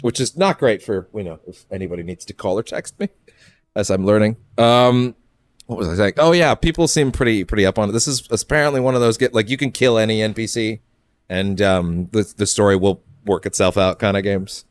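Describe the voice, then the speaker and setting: A man's voice: lowish voice, brisk, no room sound. A man streaming a game, rambling casually, swearing and laughing often as he plays. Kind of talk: casual let's-play commentary.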